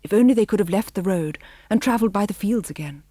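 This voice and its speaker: A woman narrating a children's storybook audiobook with a measured, expressive reading. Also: mid-range voice, no echo, studio quality.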